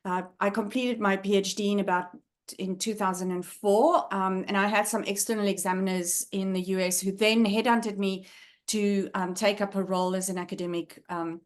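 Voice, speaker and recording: A middle-aged South African woman, appearing as a guest speaker, tells a personal story earnestly and reflectively, pausing often and using fillers. Her voice is mid-range and her tone steady.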